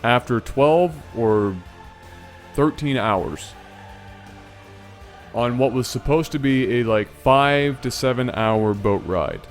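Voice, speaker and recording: Male vlog host, animated storyteller, mid-pitched, with faint music underneath. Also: takes it slowly, pauses often.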